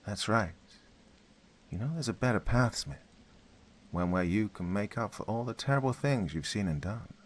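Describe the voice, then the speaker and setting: A man's voice: on the low side, lively intonation, normal speed. A man voicing a young woman in a spoken story, soothing and eerily friendly. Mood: eerie calm.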